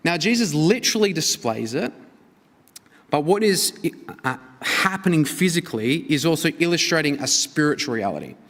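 A man preaching a sermon as a pastor, in an earnest, expressive manner that swings between emphatic and hushed. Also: a little high, moderate pace. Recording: reverberant hall.

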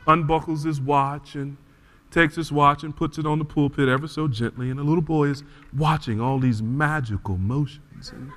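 Bright-voiced preacher in a reverberant church. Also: male voice, fairly high pitch. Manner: animated storyteller, frequent restarts. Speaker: pastor. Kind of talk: sermon with storytelling.

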